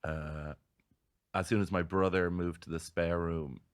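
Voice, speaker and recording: Irish man, very deep voice, comedian guest, animated storytelling, casual podcast chat. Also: measured pace. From Ireland.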